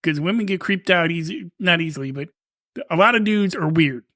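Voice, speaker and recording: A man's voice: on the high side, expressive, a little fast, fairly bright tone, no room sound. Crude joking man, dry mic. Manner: crude, joking, laughs often. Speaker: podcast co-host. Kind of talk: casual chat.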